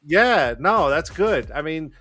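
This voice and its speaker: A man's voice: on the high side, big pitch swings, slow pace, pushed and bright. A man hosting a casual chat show, rambling with repeated phrases and lots of fillers. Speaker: host.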